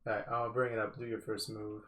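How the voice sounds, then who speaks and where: A man's voice: lowish voice, level tone, a little fast, a bit bright, reverberant, a little hiss or hum. A man bantering and joking with his opponent over a tabletop wargame, often laughing. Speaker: wargame player and streamer.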